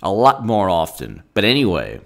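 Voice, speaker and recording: A man's voice: on the low side, wildly swooping pitch, normal speed, creaky. A man giving political commentary in a solo video, combative and rambling, with asides and quotes read from his phone.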